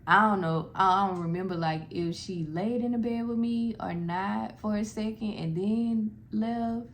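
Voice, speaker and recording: A woman's voice: mid-range voice, measured pace. A young woman telling viewers a personal family story in a casual, heartfelt way, often calling them "y'all" and filling with "like". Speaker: vlogger sharing a personal story. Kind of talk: emotional personal storytelling to camera. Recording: faint background noise.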